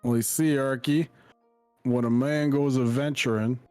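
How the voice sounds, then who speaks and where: A theatrical adventurer spinning tales with grand flourishes, played by a man at the table. His tone is mellow and dark, and the sound is close and dry. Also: mid-range voice, steady tone, a little slow, clean tone, no echo, faint music behind, natural voice. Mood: grandiose. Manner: grandiose, storytelling. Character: boastful adventurer, theatrical and long-winded. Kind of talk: tabletop game role-play.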